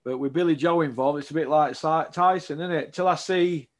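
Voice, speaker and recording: A man holds forth as a boxing pundit in a relaxed interview. His voice sits a touch high, and he is blunt and outspoken, forever tagging on little questions to the listener. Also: a little fast. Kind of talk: casual opinionated interview.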